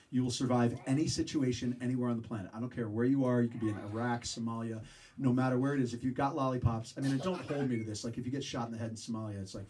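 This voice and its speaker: A man telling a story to a live audience in an animated, self-mocking way, acting out the voices in it. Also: mid-range voice, far from the mic. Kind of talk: storytelling talk.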